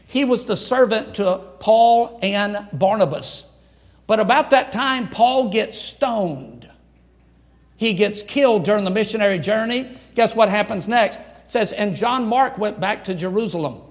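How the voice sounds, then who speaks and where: An older man, preaching a folksy sermon and acting out quotes in lively voices. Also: high voice. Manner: folksy, animated storytelling with acted quotes. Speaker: pastor.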